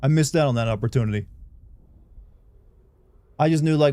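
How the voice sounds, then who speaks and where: A man's voice: medium pitch, lively intonation, fast, pauses often, warm tone, dry recording. A young man chatting casually on a livestream, rambling and candid as he talks to his viewers.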